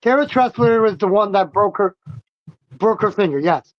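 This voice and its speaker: A man's voice: sits high, lively intonation, normal speed, no echo, lo-fi sound. A man hosting a livestream in casual chat, swearing freely and getting worked up. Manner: loose, profane, worked up. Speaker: livestream host.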